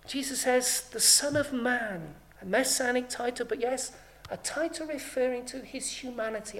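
A woman delivers a sermon with a slightly high voice. She preaches emphatically, letting her volume swell and drop to drive points home. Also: normal speed. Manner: emphatic, rising and falling in volume for stress.

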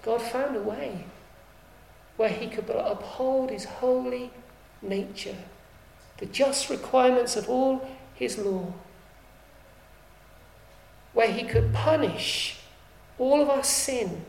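A woman preacher delivers a sermon in a fairly high voice with a gravelly edge. She is emphatic and leans on repeated rhetorical questions to press her point. The sound rings around an echoey church. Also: slow, long pauses, darkish tone.

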